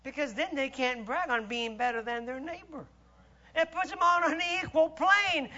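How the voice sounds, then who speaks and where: High, bright-voiced preaching man. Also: normal speed, dull audio. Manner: emphatic, swinging between loud exclamations and low asides. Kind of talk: sermon.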